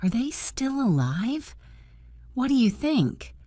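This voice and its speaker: A woman voicing a timid, eager young girl who pleads and rushes her words in a storybook reading. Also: on the high side, big pitch swings, mellow, no room sound, studio quality, pitched above the performer's own voice, exaggerated voice. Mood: anxious.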